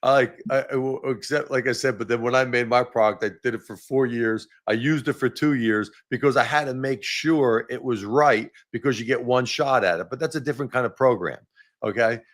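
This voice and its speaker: A man's voice: medium pitch, brisk. A man talking as a podcast guest in a casual, emphatic way, often repeating his points. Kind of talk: casual chat.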